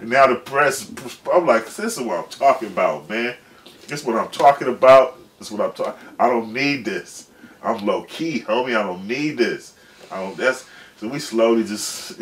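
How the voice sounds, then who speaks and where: A man's voice: lowish voice, a bit bright. A man in his forties, a guest telling a long, rambling story in profane, slangy casual speech. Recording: distant mic with faint background noise.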